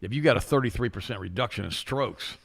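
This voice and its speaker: A man's voice: medium pitch, fast talker, gravelly. An older man co-hosting a casual talk show, rambling through stories and repeating his words. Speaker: co-host.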